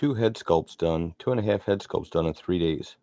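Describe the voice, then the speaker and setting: Narrating his sculpting, this middle-aged vlogger rambles in a chatty, self-deprecating way. He speaks at normal speed with a low-pitched, dark voice, recorded with no echo.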